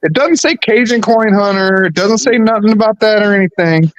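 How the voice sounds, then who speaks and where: A man chatting casually on a live stream, excitable and quick to exclaim. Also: high-pitched, dry recording, lo-fi sound.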